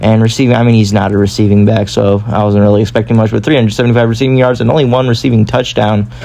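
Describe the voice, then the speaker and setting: A man's voice: on the low side, flat delivery, fast, gravelly, warm tone. A man giving casual gameplay commentary, rambling and often correcting himself. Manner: rambling, self-correcting, chatty. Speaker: gaming YouTuber.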